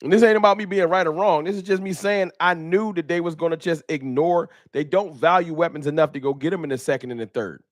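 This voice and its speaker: A man's voice: on the high side, fast, few pauses, dry recording. A man hosting a casual fan talk livestream, emphatic and slangy, repeating himself as he argues his points into a close mic. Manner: animated, emphatic, repetitive, slangy. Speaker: host.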